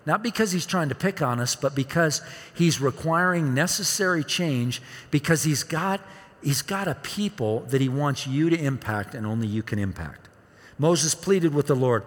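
A man's voice: on the high side, expressive, normal speed, a bit bright. A man in his fifties preaching a sermon, asking the congregation questions and acting out quoted pleas. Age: 50s. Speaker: pastor. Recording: long hall reverb.

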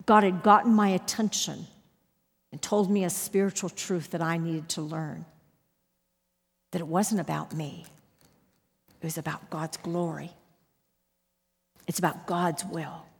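A woman with a husky, slightly breathy voice preaches, shifting between quiet, measured points and bursts of emphasis. Her voice carries a long reverb, as if filling a large hall. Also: fairly low pitch. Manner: emphatic storytelling with sudden loud rises. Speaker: Bible teacher. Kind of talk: sermon with personal story.

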